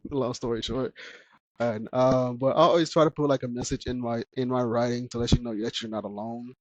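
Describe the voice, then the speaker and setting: A man's voice: mid-range voice, fairly even intonation, normal speed, dry recording. A man hosting a casual podcast chat who laughs often while telling stories. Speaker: podcast host.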